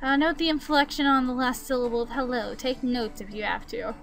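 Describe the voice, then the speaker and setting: A woman with a bright, forceful voice gives casual play-by-play of a video game and chats back at the characters. Her voice sits a little high. Soft game music plays behind her. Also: fairly even intonation, a little fast, vocal fry. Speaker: gaming channel host. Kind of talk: casual gameplay commentary.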